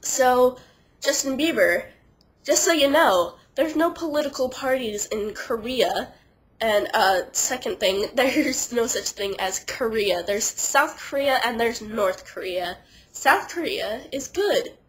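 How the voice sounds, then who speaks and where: Young woman, nasal, sick and stuffy, casual vlog, rambling, animated storytelling. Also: on the high side, takes it slowly, low-quality recording. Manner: chatty, animated, lots of "like", funny voices for quoted people. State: sick and congested. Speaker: vlogger.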